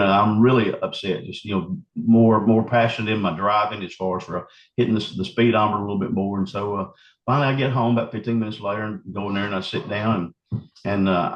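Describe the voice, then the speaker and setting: Guy telling his story, lowish voice, kinda muffled roomy audio, lots of restarts. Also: steady tone. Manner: halting, vivid retelling with many restarts. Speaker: eyewitness recounting an encounter. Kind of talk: storytelling interview.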